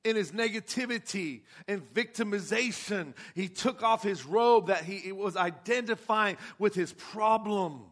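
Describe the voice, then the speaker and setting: A man's voice: sits high, a little slow, few pauses, fairly bright tone. A man preaching a sermon with passion, asking his congregation rhetorical questions. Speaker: pastor.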